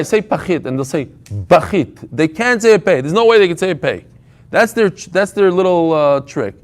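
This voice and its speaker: Animated joking man teaching Talmud. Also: fairly high pitch. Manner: lively, joking, quick asides. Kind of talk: daily Talmud class.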